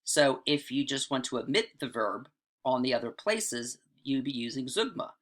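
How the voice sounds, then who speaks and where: A man's voice: mid-range voice, normal speed, a bit bright. Chatty male writing teacher. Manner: chatty, frequent "right?" and "all right" asides. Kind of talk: casual lecture on rhetoric.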